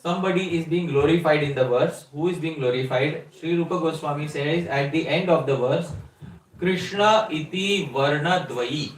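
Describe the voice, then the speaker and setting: Male spiritual teacher, higher-pitched voice, explains and quizzes listeners, distant mic in a reverberant room. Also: fairly quick, hardly any pauses. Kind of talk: scripture lecture.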